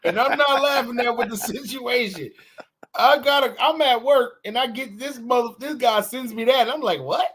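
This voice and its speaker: A man with a high, bright voice co-hosts a casual morning podcast. He rants in a loose, profane way and swoops his pitch up and down when he mimics people. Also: normal speed, husky. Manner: animated, profane, swings pitch wildly acting out quotes. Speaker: podcast co-host. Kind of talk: casual morning show banter.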